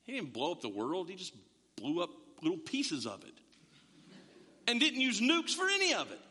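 A middle-aged male pastor preaches with a high, bright, forceful voice that rings through a long hall reverb. He talks in an animated, joking way, stumbling over restarts as he goes. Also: moderate pace, slightly rough. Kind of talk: sermon.

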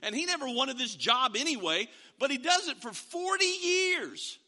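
A middle-aged male pastor preaches to his congregation in a high, piercingly bright voice. He tells stories, acts out their dialogue and puts questions to the room. His words ring out with a long reverb from the church hall. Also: big pitch swings, normal speed. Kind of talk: sermon.

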